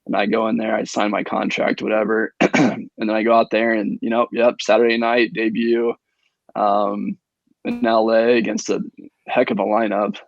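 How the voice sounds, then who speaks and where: A young man from Indiana with a low, gravelly voice tells a long story on a podcast, loose and filled with ums. The sound is close and dry, a bit dull on the top end. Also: moderate pace, no echo. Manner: relaxed, filler-heavy storytelling with many ums. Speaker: guest, professional baseball pitcher.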